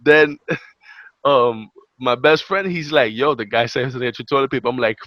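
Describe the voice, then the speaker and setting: A man's voice: mid-range voice, moderate pace, no room sound, dull audio. Profane young New man telling a story. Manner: animated, profane, acts out quotes. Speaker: podcast co-host. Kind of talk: casual storytelling chat.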